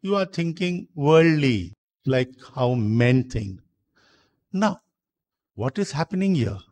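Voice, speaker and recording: A man preaching a sermon in a church, explaining slowly, repeating himself and asking rhetorical questions. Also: mid-range voice, expressive, a little mellow. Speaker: priest.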